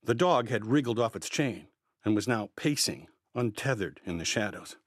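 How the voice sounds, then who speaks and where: A man narrating a first-person story in a measured, quietly tense way. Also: lowish voice, animated, no echo, studio quality.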